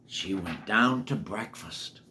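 A man's voice: on the low side, takes it slowly, bright, forceful tone, a little hiss or hum. An older man reading a picture book to children, chatting and asking them questions between pages. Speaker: storyteller.

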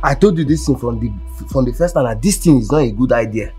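A man's voice: mid-range voice, fast, mellow, breathy edge, soft background music. An actor with a Nigerian accent playing a nervous, careless gateman who pleads and complains. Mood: complaining. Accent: Nigerian Pidgin-tinged English. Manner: pleading, whiny. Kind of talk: film acting.

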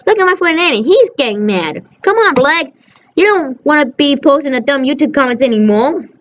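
A woman's voice: high voice, animated, moderate pace, a bit bright. A woman in a rambling, profane rant, scolding someone over and over. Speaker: channel host. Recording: dull lo-fi recording.

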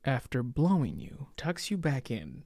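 A young man doing a crude, sarcastic comedic movie review voice-over, jumping into loud mock outbursts. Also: medium pitch, sing-song, unhurried, dry recording, clean studio sound.

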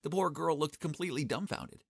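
A young man narrating a first-person animated story in a cocky, sarcastic, expressive way. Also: a little high, a little fast, vocal fry, slightly rough, no room sound, studio quality.

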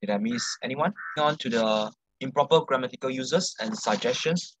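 Man, grammarian report, matter-of-fact, mid pitch, dry close sound. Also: expressive, normal speed, no room sound, poor audio. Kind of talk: meeting report.

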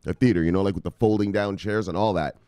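A man hosting a crypto news show, talking in an excited, casual way, shouting catchphrases, laughing and swearing. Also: low voice, fast, clear, resonant tone, no room sound, clean studio sound. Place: home near the beach.

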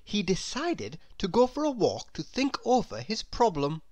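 Lady reading a kids book aloud, super slow, swoopy and bouncy, dry close mic. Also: mid-range voice, no echo. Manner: slow, expressive, sing-song storytelling. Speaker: storyteller. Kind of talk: children's read-aloud narration.

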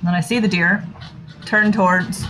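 A woman player in a tabletop role-playing game, talking quickly and playfully. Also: on the low side, steady tone, fairly bright tone, rough recording. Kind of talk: casual tabletop game play. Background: background music.

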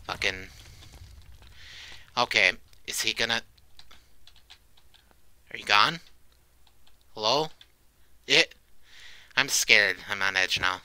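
A man's voice: on the low side, animated, slow pace, pauses often, sharp tone, clear, resonant tone, dry recording. A man commentating a horror game, jumpy, swearing often and shrieking when startled. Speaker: let's play creator.

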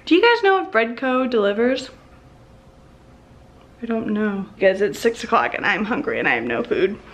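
A woman's voice: medium pitch, big pitch swings, moderate pace, fairly bright tone. A young woman chatting casually in a home vlog, a bit out of breath and tired, sometimes cooing at dogs in baby talk. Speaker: vlogger. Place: house, indoors.

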